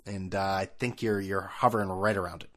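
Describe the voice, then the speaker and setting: A man's voice: deep voice, steady tone, a little fast. A man hosting a casual solo sports podcast, rambling and sarcastic, with lots of restarts and fillers. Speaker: podcast host.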